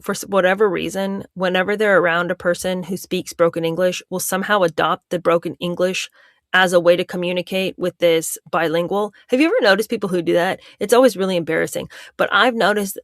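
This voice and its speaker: Sarcastic low-voiced woman. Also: no room sound, studio quality. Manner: sarcastic, incredulous. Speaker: guest commentator. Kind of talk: casual commentary.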